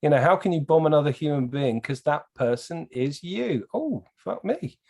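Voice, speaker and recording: A man, a podcast guest, telling stories in casual chat, animated and swearing freely. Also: fairly high pitch, normal speed. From England.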